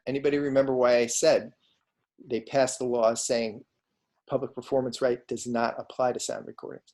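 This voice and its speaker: Male law lecturer on a video call, casual and interactive, mid pitch. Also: a little mellow. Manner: conversational, asks students frequent questions. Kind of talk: online lecture.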